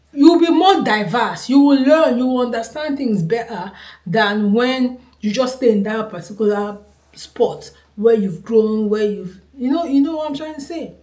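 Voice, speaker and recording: A woman's voice: a little high, warm tone. Earnest Nigerian woman in a roomy space. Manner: earnest and emphatic, repeats points for stress. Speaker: vlogger. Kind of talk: casual opinion talk to camera. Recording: roomy echo.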